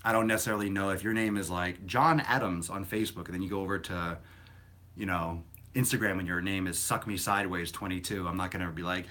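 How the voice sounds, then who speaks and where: A man's voice: low-pitched, steady tone, brisk, sharp tone. A man hosting a casual fitness live stream, rambling and answering viewer questions in a blunt, sometimes profane way. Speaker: fitness livestream host.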